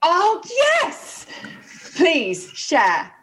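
A woman's voice: extremely high pitch, wildly swooping pitch, fairly bright tone. A woman co-hosting a podcast, joining the banter playfully and giggling often. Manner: giggly, playful, quick to join in. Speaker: podcast co-host. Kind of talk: casual banter.

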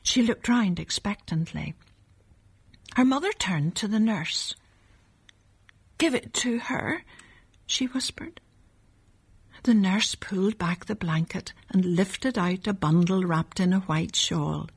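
A woman reading a story aloud, softly and often in a half whisper. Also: lowish voice, unhurried, husky.

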